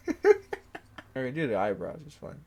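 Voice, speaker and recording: A woman's voice: a bass voice, mellow, a little hiss or hum. A woman in a casual comedic vlog, whining in fake sobs and keeps breaking into giggles. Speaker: comedic vlogger.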